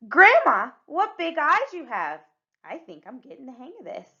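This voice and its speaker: Woman voicing a chirpy young storybook girl, earnest, high, springy pitch, muffled recording. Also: huge pitch swings, normal speed, bright, forceful tone, exaggerated voice. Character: eager, rule-following young girl in a storybook.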